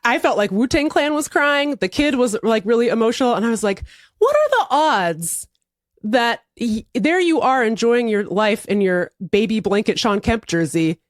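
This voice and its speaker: A woman in her forties co-hosting a podcast, telling a comic story in a lively way and laughing often. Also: on the high side, moderate pace, hardly any pauses, no echo, studio quality. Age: 40s. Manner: animated, laughs through her own stories. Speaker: podcast co-host. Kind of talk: casual chat, comic storytelling.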